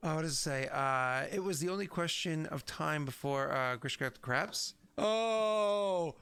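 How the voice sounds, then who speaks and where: A man's voice: mid-range voice, normal speed, creaky, sharp tone, clear, resonant tone. A young man acting as game master in a tabletop game, chatty and jokey, laughing at his own bits. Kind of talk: running a tabletop game over stream.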